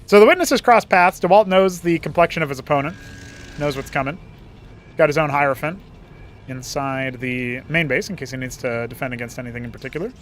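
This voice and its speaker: There's a little hiss or hum as a young esports caster, his pitch fairly high, handles solo play-by-play of a strategy game. He's chatty and playful, with quick asides and laughter at his own jokes.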